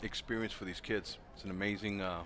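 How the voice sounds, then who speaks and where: A man who coaches track, giving color commentary at an outdoor meet and telling lively stories. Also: fairly low pitch, a little fast, music in the background. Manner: animated storyteller, voices quoted people loudly. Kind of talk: live sports commentary with storytelling.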